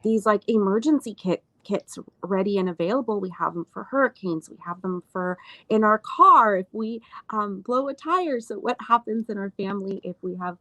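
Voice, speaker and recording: A woman postpartum doula talking as a guest in a casual interview, earnest, with many fillers and lively retelling. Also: medium pitch, moderate pace, dry recording, poor audio.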